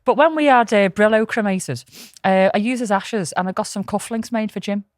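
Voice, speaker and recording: A woman's voice: mid-range voice, moderate pace, no room sound, studio quality. A woman with a Liverpool accent co-hosting a podcast, chatting in a blunt, sweary, self-mocking way. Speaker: podcast co-host. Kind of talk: casual chat.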